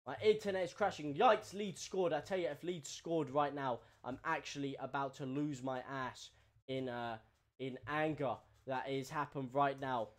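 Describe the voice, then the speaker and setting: A man streaming live, giving excitable running commentary on a football match and repeating himself. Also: medium pitch, moderate pace.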